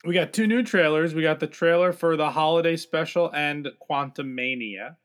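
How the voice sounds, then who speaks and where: A man's voice: on the high side, normal speed, a bit bright. A young adult man co-hosting a pop-culture podcast, moving from an upbeat scripted intro into loose chat full of ums and uhs. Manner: upbeat reading of show promos, then loose chat with many fillers. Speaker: podcast co-host. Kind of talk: casual chat.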